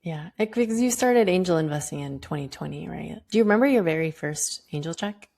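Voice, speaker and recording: Deep, gravelly-voiced woman hosting a podcast. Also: animated, a little fast, darkish tone. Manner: engaged, asks follow-ups. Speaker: podcast host. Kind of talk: interview questions.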